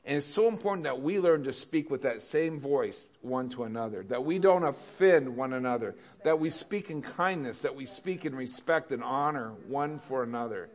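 A man's voice: medium pitch, lively intonation, normal speed, hardly any pauses. A pastor preaching a sermon in a conversational way, asking his congregation questions.

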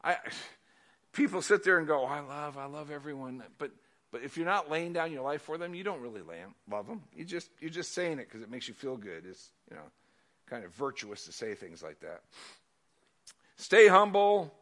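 Male preacher, high-pitched voice, casual sermon delivery, swings from loud emphasis to soft asides. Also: very animated, normal speed.

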